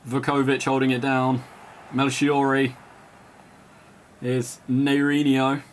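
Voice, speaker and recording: A man doing live play-by-play commentary, calling player names in quick bursts, chatting and laughing with viewers, and rising to shouts when a goal goes in. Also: medium pitch, monotone, slight background noise. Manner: chats and laughs with viewers between calls. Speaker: match commentator.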